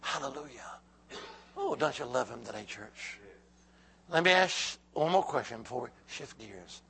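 A man preaching a sermon, calling out to the church, swinging from hushed lines to loud shouts. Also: medium pitch, expressive, moderate pace, gravelly.

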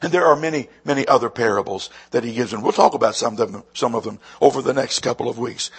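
A man preaching a sermon with a raspy voice, moving between quiet, slow emphasis and loud, lively passages. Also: medium pitch. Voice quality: husky. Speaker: pastor.

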